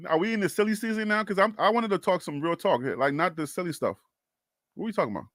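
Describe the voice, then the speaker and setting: Animated Liberian man, high bright voice. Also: fast, dry recording, studio quality. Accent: Liberian English. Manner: animated and exasperated, repeats questions. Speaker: sports talk live-streamer. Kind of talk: live stream, answering chat comments.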